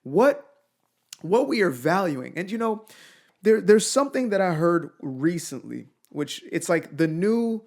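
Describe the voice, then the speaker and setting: A man's voice: high voice, big pitch swings, measured pace, a little mellow. A man delivering an emphatic solo opinion rant, with colloquial asides and rhetorical questions, who grew up outside the United States. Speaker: commentator.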